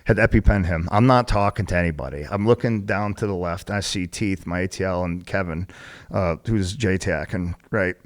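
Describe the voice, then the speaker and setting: A retired Marine guest telling profane, animated war stories in casual chat, full of "like" and "right?". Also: male voice, low voice, brisk. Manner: profane, animated storytelling with lots of fillers. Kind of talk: casual storytelling.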